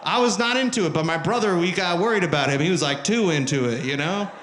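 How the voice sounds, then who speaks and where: Guy doing stand-up in a club, bright high voice, cussing a lot, echoey room. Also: quick pace, slight background noise. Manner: profane, animated, shouts at the crowd. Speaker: stand-up comedian. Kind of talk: stand-up comedy. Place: live comedy venue on stage. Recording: roomy live club recording.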